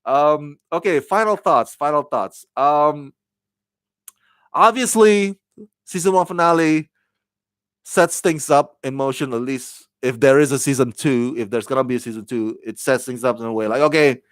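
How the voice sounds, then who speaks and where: A man's voice: mid-range voice, normal speed, fairly bright tone, clean tone, dry recording. A man giving a casual spoken TV review, rambling and repeating words as he thinks aloud. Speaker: TV show reviewer.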